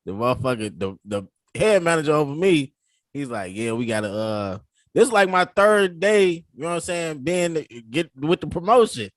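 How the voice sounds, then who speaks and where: A man co-hosting a podcast, telling stories in a casual, animated way and laughing often. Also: fairly high pitch, moderate pace, no room sound, clean studio sound. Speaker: podcast co-host. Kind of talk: casual storytelling chat.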